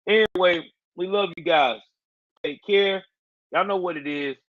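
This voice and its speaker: A man's voice: high-pitched, measured pace, a bit bright, dry recording, muffled recording. A man hosting a casual livestream, talking in loose slang and answering his viewers' chat. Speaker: livestream host.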